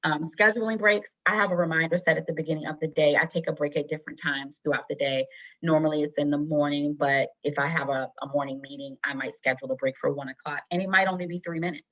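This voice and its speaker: Low-voiced woman leading a wellness workshop. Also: steady tone, quick pace, fairly bright tone, muffled recording. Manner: casual, filler-heavy, reassuring. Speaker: teacher running a wellness workshop. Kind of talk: online presentation.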